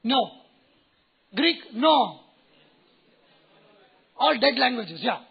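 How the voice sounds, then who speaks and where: Speaking to new students, a man with an Indian English accent, a native Kannada speaker, delivers a playful, humorous motivational talk, teasing and quizzing the audience. His voice is very high and husky, with big pitch swings, drawn-out words and vocal fry, captured in lo-fi sound.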